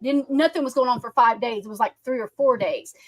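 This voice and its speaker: A woman's voice: a little high, fast talker, dry recording, poor audio. A woman with a Southern US accent hosting a livestream, talking bluntly with heated profanity. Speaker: livestream host. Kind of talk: casual heated livestream chat.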